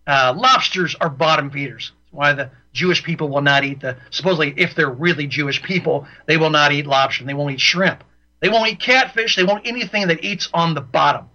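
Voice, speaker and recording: Radio host, man, high and piercing voice, heated and repetitive, dull broadcast sound. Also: bright, forceful tone. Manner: ranting, repeats himself for emphasis. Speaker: radio talk show host. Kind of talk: opinionated radio monologue.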